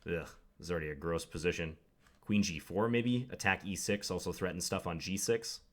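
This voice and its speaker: A man's voice: low voice, fairly quick. A young man commenting live on his own game, thinking aloud with wry, self-deprecating asides. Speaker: chess commentator.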